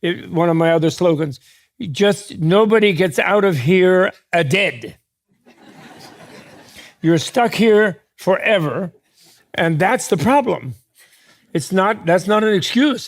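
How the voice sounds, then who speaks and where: A man giving a dharma talk to an audience as a Buddhist teacher, digressive and joking, often restarting mid-thought. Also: high voice. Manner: digressive, joking, quick asides with laughs.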